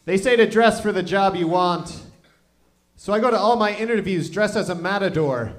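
A man doing stand-up comedy on a club stage, delivering deadpan one-liners. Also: high-pitched, normal speed.

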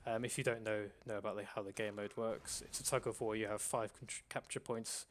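A man hosting a live stream, explaining game rules in a self-described monotone voice with frequent fillers and restarts. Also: lowish voice, brisk, slight background noise. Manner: calls his own voice monotone, many fillers and restarts. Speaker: host.

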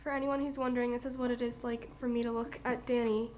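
High-voiced young woman with a South Jersey accent. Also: flat delivery, quick pace, a little mellow, slight background noise. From New Jersey, USA. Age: young adult. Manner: chatty, giggly, talks to the camera. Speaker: vlogger. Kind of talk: casual vlog chat.

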